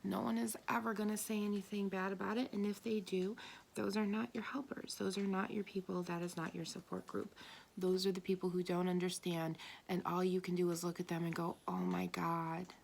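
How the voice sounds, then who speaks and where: A woman's voice: mid-range voice, little pitch movement, a little fast, gravelly, a little mellow, slight background noise. A woman doing a tarot and spirit reading for an audience, talking bluntly and with emphasis, swearing now and then. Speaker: tarot reader.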